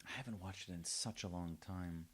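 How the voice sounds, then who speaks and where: A man's voice: low-pitched, a little fast, fairly bright tone, husky. A man co-hosting a podcast, chatting casually with wry jokes. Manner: wry, joking. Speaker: podcast co-host. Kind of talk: casual chat.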